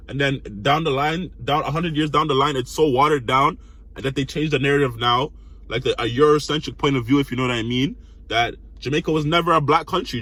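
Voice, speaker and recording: Fast-talking husky man. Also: on the high side, a bit bright. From Canada. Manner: rambling, keeps saying "you know what I mean". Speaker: commentary host. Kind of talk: casual commentary vlog.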